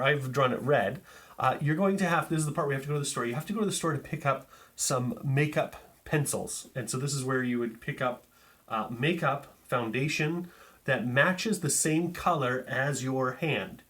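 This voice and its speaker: A man's voice: mid-range voice, a bit bright. Casual man explaining a magic trick. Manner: casual, chatty, filler-heavy, demonstrating with hands. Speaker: magic teacher.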